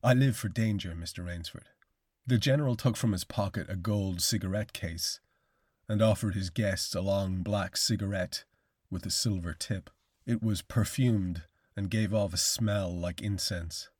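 A man narrating a classic short story in a measured, formal audiobook reading. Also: low voice, steady tone, a little mellow, slightly rough, dry recording, clean studio sound.

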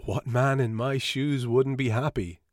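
A man's voice: mid-range voice, unhurried, dry recording, clean studio sound, pitched above the performer's own voice, close to an everyday voice. A man doing a sulky, sarcastic young father. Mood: bitter. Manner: flat, sarcastic.

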